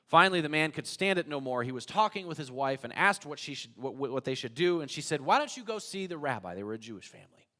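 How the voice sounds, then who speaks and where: A man preaching a sermon as pastor, telling a story in an animated way. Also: medium pitch, fast, few pauses. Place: church sanctuary. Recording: church hall reverb.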